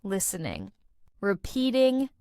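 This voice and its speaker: A woman giving a scripted English lesson, speaking in a slow, deliberate teaching manner. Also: mid-range voice, clear, resonant tone, no room sound, studio quality. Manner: slow, deliberate teaching delivery with lively intonation.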